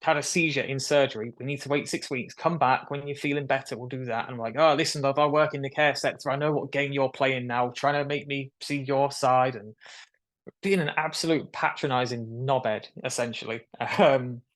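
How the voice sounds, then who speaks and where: A man's voice: medium pitch, fairly quick. A young man, telling the story of his surgery as a guest on a video call, acting out the voices of the people in it. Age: young adult. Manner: animated storyteller who acts out quoted voices. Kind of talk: casual storytelling interview.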